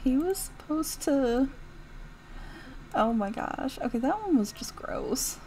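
Slow, lively woman with a gravelly edge. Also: high-pitched, slight background noise, low-quality recording. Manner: chatty and giggly, reacting out loud to the game. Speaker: YouTuber reviewing game mods. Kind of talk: casual gameplay commentary.

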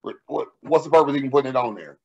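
A man co-hosting a podcast, telling stories in a profane, animated way during casual banter. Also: medium pitch, racing, gravelly, slightly rough, dull audio. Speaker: podcast co-host.

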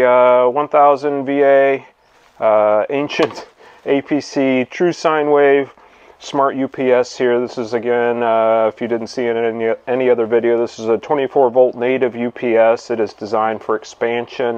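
A man hosting a casual hands-on demonstration in his home garage, relaxed and thinking aloud as he works. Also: mid-range voice, clear, resonant tone, muffled recording. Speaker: video host.

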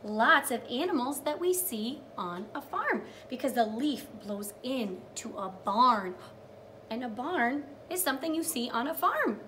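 Sing-song teacher woman, lively pitch. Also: slight background noise. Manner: sing-song, encouraging, praising each step; drawn-out storytelling with animal sounds. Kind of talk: reading a picture book to young children.

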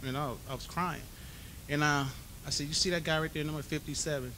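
A man from giving a hall of fame acceptance speech, an animated storyteller who acts out the dialogue. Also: fairly high pitch, fairly quick, a little hiss or hum. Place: banquet hall.

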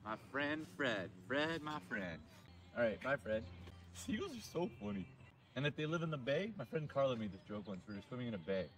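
A man hosting a casual outdoor live stream by a lake, joking and rambling in an animated way. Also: mid-range voice, fast.

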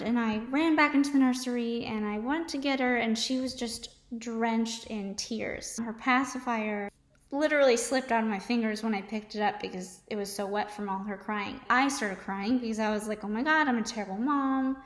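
A young woman with a slightly high voice shares her own story in a candid, confessional way. She restarts and trails off often. The recording has a noticeable room echo. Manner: halting and confessional, with many restarts and fillers. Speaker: mom vlogger sharing her story. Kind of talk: candid personal testimony.

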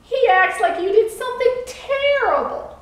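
A woman voicing a cocky, mischievous little male boat in a children's storybook, teasing and excitable. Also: high-pitched, slow, heavily acted. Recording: echoey room, far from mic.

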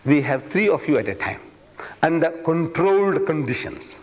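A man's voice: fairly high pitch, lively intonation, normal speed. A man giving a public lecture, emphatic and rhetorical, repeating phrases for effect. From South Africa. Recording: long reverb of a lecture hall.

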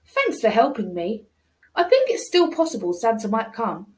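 A woman reading a children's picture book aloud, animated and exclaiming, with pleading asides. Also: a little high, normal speed. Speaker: storybook reader.

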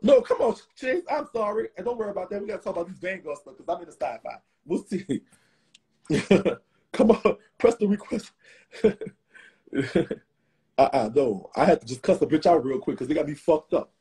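A man hosting a casual live stream, a little drunk, talking in a profane, rambling, animated way, with a rough, hoarse voice and a Southern US accent. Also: high voice, normal speed. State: tipsy. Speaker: host.

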